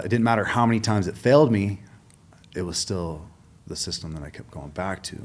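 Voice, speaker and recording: A man's voice: deep voice, slight background noise. A middle-aged man telling his story as a guest in a casual interview, acting out the dialogue and swearing freely. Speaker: podcast guest.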